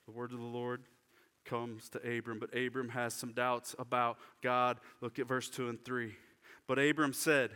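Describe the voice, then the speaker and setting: A man preaching a sermon to his congregation, shifting from lively urgency to hushed, slow prayer. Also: medium pitch. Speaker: pastor. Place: church sanctuary. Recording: church hall reverb.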